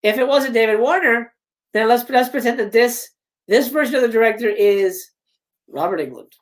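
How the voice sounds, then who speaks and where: Animated man reading a script live. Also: extremely high pitch, normal speed. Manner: animated, chatty asides. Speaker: host.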